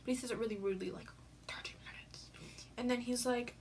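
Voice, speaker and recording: A woman's voice: fairly high pitch, fairly even intonation, racing, darkish tone, a little hiss or hum. A teenage girl talking casually on her vlog, rambling with lots of fillers and sounding teary after crying. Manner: rambling, filler-heavy storytelling. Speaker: vlogger.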